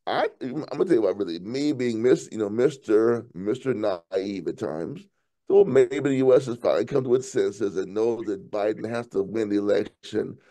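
A man in casual political chat, animated, often repeating words and breaking into laughter. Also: fairly low pitch, normal speed.

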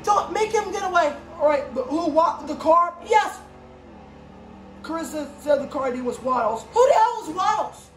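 A woman improvises a toy play, hopping between several character voices and breaking into shouts. Her voice sits very high, and the recording carries a roomy echo with faint noise underneath. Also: lively intonation, moderate pace. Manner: switches voices, bursts into shouts. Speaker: home video creator. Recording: echoey room with faint background noise.

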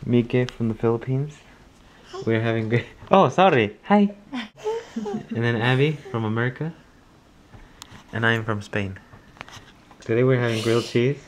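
A man's voice: medium pitch, lively intonation, measured pace, long pauses, slight background noise. A young man chatting on a home vlog in a goofy, joking way. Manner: goofy, jokes in odd voices. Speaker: husband and vlog co-host. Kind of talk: casual home vlog chat.

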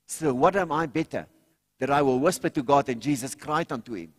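A man preaching a sermon as pastor, swinging from loud cries to quiet low asides and calling on the congregation to respond. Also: lively intonation, a little fast. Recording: long hall reverb.

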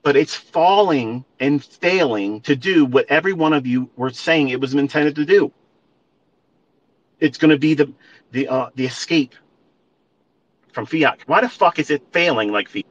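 A man's voice: fairly high pitch, lively intonation, moderate pace, pauses often. Profane, emphatic man ranting, lo-fi audio. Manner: profane, emphatic, repeats points, addresses listeners as folks. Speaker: trading educator. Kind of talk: ranting monologue on a live audio space.

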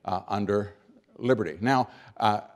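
An American man giving a keynote speech, emphatic, with dry humor, rhetorical questions and deliberate pauses for effect. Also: on the low side. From United States. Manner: rhetorical questions and repeated build-ups. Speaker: keynote speaker.

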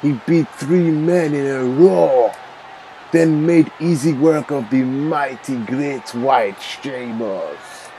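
A man's voice: mid-range voice, takes it slowly, warm tone, slight background noise, poor audio. A man voicing an arrogant male wrestler who mocks and taunts his rival in a game role-play. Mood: taunting. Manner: mocking, taunting.

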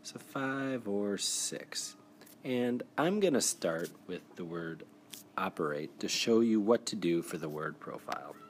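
A man with a very low voice walks young students through a spelling exercise on a screencast. His delivery is encouraging and methodical. A faint hiss sits under the recording. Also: animated, measured pace. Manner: encouraging, explains step by step. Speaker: teacher. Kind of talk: classroom screencast lesson. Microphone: device mic for screen recording.

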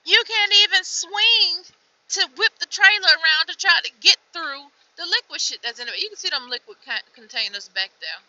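A young woman truck driver venting from her cab in a vlog, weary and frustrated, dropping to tired mutters and then flaring up loud. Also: extremely high pitch, expressive, moderate pace, dull audio.

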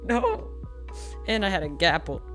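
A young man hosting a casual gaming video, excitable and quick to laugh, yelling frantic calls for help in tense moments. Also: a little high, faint music behind. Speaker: gaming channel host.

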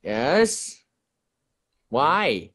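A man chats with a friend while they play a game online, his voice a touch higher than most men's. He rambles, trails into asides and fills pauses with ums and okays. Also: sing-song, a bit bright. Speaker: gaming YouTuber. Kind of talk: casual gameplay chat.

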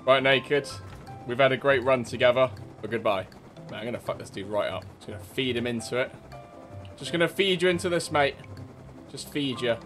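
A man's voice: medium pitch, fairly quick, a bit bright, faint music behind. Cheeky man commentating a game. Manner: cheeky, swearing, mocking other players. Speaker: gaming streamer. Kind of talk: gameplay commentary.

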